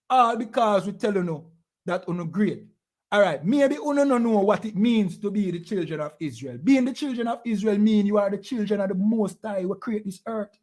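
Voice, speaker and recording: A man's voice: high-pitched, a little mellow. A man with a Jamaican accent, preaching to a class in a scolding tone and firing rhetorical questions at his listeners. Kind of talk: impassioned preaching.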